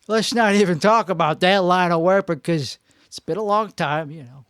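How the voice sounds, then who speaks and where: A man's voice: high voice, normal speed, fairly bright tone, clear, resonant tone, no room sound, studio quality. A man hosting a podcast, rambling through a comic monologue and slipping in and out of a put-on frantic Chicago-style accent, cutting himself off mid-thought. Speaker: podcast host. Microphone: two microphones up close.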